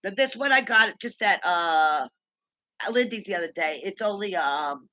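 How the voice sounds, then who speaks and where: A woman's voice: medium pitch, expressive, moderate pace, pushed and bright, dry recording, rough recording. A woman hosting a casual live stream, rambling and ranting as she retells conversations and repeats herself. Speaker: livestream host.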